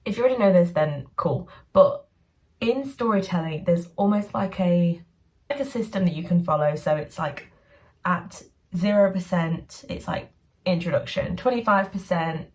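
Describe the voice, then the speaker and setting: A woman chatting casually in a book review vlog, sardonic and quick to mock the books she discusses. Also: mid-range voice, lively intonation, darkish tone, recorded from a distance.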